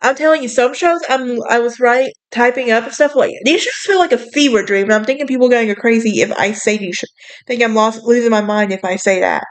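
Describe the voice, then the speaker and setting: A woman's voice: on the high side, fast, clear, resonant tone. Chatty young woman with a Southern lilt. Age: young adult. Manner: chatty, sassy, bubbly with frequent fillers. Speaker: podcast host. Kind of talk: casual chat.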